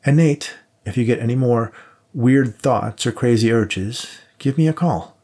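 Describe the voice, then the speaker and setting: A man's voice: mid-range voice, unhurried, a little mellow, breathy edge. A man voicing an agitated male police detective who insists on protecting his partner. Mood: urging. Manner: insistent, pressing.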